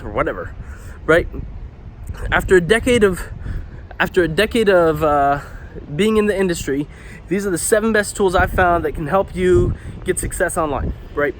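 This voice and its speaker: Man in his 30s, higher-pitched voice, chatty marketing explainer, pacing outdoors with faint street hum behind. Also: animated, normal speed. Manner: paces while talking, slightly out of breath; conversational, lots of fillers and "right?". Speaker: web designer and marketer. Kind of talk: casual explainer monologue.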